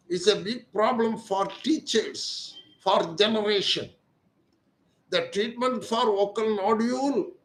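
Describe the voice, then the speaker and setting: An older man with an Indian English accent, an ENT surgeon giving a slow, deliberate talk that repeats its key words. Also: high-pitched, reverberant, poor audio. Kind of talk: lecture-style explanation.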